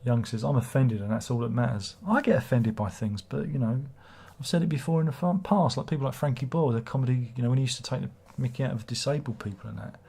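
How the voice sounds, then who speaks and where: A man's voice: medium pitch, fast, vocal fry, hardly any pauses, warm tone, slightly rough. A man hosting a casual livestream, rambling and swearing as he reads viewer comments aloud. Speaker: livestream host.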